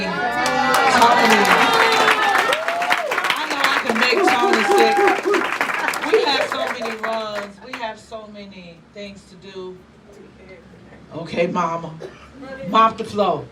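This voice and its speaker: An older woman pastor speaking at a church gathering, thanking her team, animated and laughing often as she acts out their replies. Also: mid-range voice. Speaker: apostle leading a church. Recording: distant mic, loud crowd and room noise.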